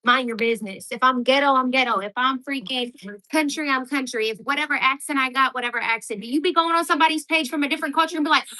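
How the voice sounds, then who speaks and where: A woman's voice: high-pitched, steady tone, fast talker, sharp tone, rough recording. A woman in her twenties chatting casually on a livestream, answering viewer comments in a blunt, outspoken way and swearing freely.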